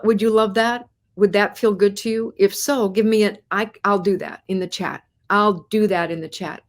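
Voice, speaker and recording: A woman hosting a live podcast, talking to viewers and asking them many encouraging questions, often repeating words and restarting her phrases. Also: on the high side. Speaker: host.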